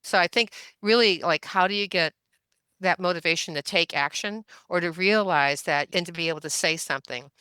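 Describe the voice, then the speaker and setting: A woman in her seventies speaks with a bright, forceful tone and a smooth, crisp voice. She tells stories chattily as a podcast guest, laughing often. The sound is dry and close. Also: lowish voice, fairly quick, dry recording. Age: 70s. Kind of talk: casual storytelling interview.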